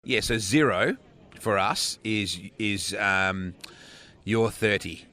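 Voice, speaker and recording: A man's voice: fairly low pitch, slow pace, pushed and bright. A man with an Australian accent, talking in a casual interview about sprint car racing as a guest.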